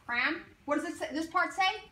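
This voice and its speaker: A woman teaches a phonics lesson to a class, stretching out each sound and prompting the children with questions. Her voice is high and bright. It is recorded from a distance in a roomy classroom with faint background noise. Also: expressive. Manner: drawn-out sounding of letters, coaxing questions.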